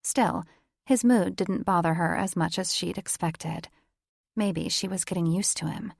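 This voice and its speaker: A woman narrating a romance audiobook in a measured, even storytelling voice. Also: on the low side, creaky, dry recording, studio quality. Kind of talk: scripted narration.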